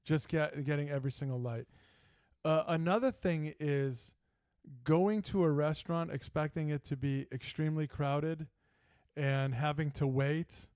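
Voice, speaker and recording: An older man hosting a live sports talk show, telling stories in a casual, animated way. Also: a little high, a little slow, clear, resonant tone, dry recording, studio quality. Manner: storytelling, animated, laughing asides. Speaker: host. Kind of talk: casual chat.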